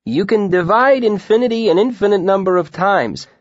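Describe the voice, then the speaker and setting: A man's voice: high-pitched, expressive, normal speed, dry recording, dull audio, voice pushed up. A man voicing an earnest young male student with an odd foreign accent, explaining carefully.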